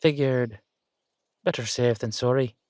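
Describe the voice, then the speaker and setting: A man's voice: mid-range voice, measured pace, a little mellow, no room sound, lightly acted. A man voicing a wary older Irish uncle, a retired safecracker, with a sly, teasing drawl. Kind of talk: audio drama acting.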